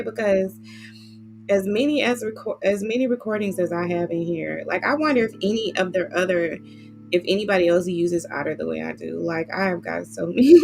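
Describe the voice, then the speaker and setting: A woman in casual, animated chat, often addressing listeners as y'all. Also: medium pitch, vocal fry, a little hiss or hum. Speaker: vlogger reviewing a book.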